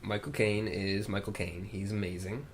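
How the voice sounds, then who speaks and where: A man's voice: lowish voice, little pitch movement, normal speed, slight background noise. A man co-hosting a casual comedy movie podcast, rambling and joking, with bad celebrity impressions. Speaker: podcast co-host.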